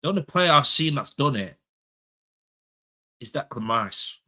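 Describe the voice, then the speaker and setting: Man, young adult, football pundit, heated casual chat, blunt, sweary, repetitive, bright forceful tone. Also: mid-range voice, lively intonation, measured pace. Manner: passionate, blunt and sweary, repeats his points.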